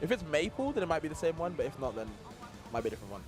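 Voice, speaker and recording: A man's voice: a little high, big pitch swings, rapid-fire, a little mellow, faint music behind. A man with a non-American accent commentating a live esports tournament, chatty and laughing often, rambling with lots of fillers.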